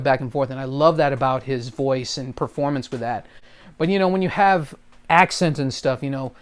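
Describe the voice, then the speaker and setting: A man's voice: medium pitch, moderate pace, clean tone. A man talking casually about voice acting and impressions, rambling with many fillers. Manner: rambling, full of fillers and trailing phrases. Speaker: hobby voice actor. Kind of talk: casual vlog talk.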